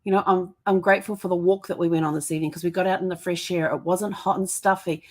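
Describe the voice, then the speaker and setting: A woman's voice: on the low side, steady tone, fast, darkish tone. A woman hosting a live-streamed podcast from her home, telling stories in a chatty, upbeat way into a webcam mic. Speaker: podcast host. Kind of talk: casual live-streamed monologue. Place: indoors at home.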